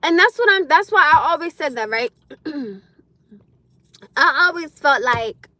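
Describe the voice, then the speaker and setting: A woman chatting loudly and bluntly on a live stream from inside her car, laughing often. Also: sits high, animated, unhurried, no echo. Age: adult with a school-age son. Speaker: livestreamer. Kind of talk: casual live-stream chat.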